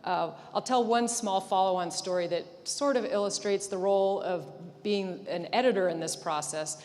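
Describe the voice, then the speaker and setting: A woman's voice: mid-range voice, moderate pace, darkish tone. A woman, a newspaper editor, speaking earnestly and directly to students at a conference. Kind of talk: conference talk. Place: large convention hall. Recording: echoey hall.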